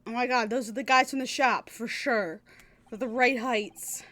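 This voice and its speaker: A woman's voice: on the high side, steady tone, moderate pace, sharp tone. A woman streaming a game, making casual, blunt asides and laughing.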